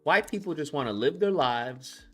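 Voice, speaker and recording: A brash, mocking man hosting a satirical call-in show, his voice swinging widely in pitch. It sits a bit high, and faint music plays under him. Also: lively intonation, moderate pace, breathy edge. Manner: brash, mocking, breaks into loud chants.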